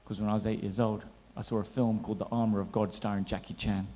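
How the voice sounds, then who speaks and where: Quick-talking man doing stand-up in a hall. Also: on the low side, a little hiss or hum. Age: 30s. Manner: chatty, animated, teasing the crowd. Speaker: stand-up comedian. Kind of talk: stand-up comedy set. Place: large hall at a gala dinner. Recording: long hall reverb.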